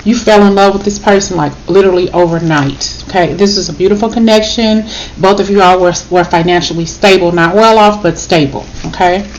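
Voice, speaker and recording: A woman's voice: lowish voice, steady tone, brisk, a little hiss or hum, low-quality recording. A woman giving a casual spoken tarot reading, emotional and blunt, swearing and checking in with "okay?". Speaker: tarot reader.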